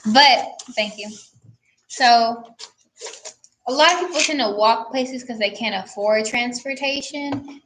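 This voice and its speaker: A woman's voice: a little high, slow, pauses often, a bit bright, slight background noise. A teenage girl co-hosting a radio talk show, chatty and giving advice, often correcting herself. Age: teens. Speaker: teen radio co-host. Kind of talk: casual radio chat.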